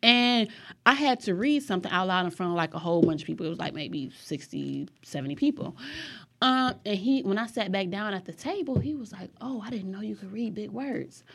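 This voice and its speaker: Fast-talking woman telling a story. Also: medium pitch. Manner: animated storyteller, swears freely. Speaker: podcast guest. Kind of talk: casual podcast chat.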